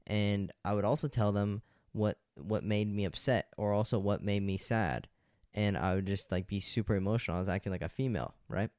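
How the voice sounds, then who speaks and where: Blunt, lecturing young man, low voice. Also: brisk, a little mellow, clean tone, no room sound, clean studio sound. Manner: blunt, lecturing, slangy with frequent "dude" and "like". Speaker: dating advice talker. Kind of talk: casual monologue to camera.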